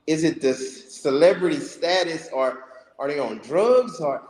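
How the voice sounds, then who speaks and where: A man telling a story over a video call in a casual, animated way. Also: measured pace, roomy sound, poor audio. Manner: animated, rises to high voices when quoting.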